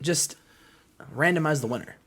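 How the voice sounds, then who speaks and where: High-voiced man narrating a wrestling game. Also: moderate pace, breathy edge. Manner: animated, acts out promos in character voices. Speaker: game show host. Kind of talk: narrating a wrestling sim playthrough.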